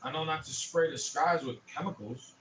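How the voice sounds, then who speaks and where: A young man in his twenties, on a casual livestream, rants profanely and heatedly. His voice sits a bit high. He is heard from a distance off the mic, with faint noise behind. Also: normal speed, fairly bright tone. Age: 20s. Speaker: streamer.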